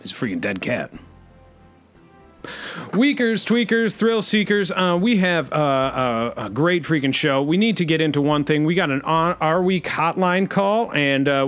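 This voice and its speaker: A man hosting a comedy podcast, rambling in a hesitant, deadpan way with many fillers. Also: a little high, moderate pace, hardly any pauses, faint music behind. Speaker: host.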